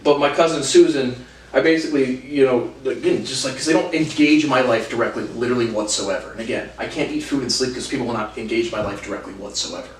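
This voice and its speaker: A man's voice: mid-range voice, slight background noise. Agitated swearing man in a roomy room. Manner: profane, agitated, heavy swearing; halting restarts. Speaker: vlogger. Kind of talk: storytelling rant. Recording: roomy, distant mic.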